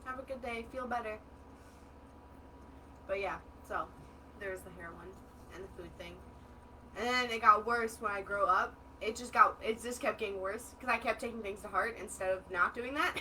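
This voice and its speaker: A young adult woman co-hosting a casual chat, telling stories in an animated way and acting out what others said. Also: medium pitch, moderate pace, far from the mic, a little hiss or hum, rough recording. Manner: animated storyteller who acts out quoted dialogue. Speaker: co-host, daughter of the host.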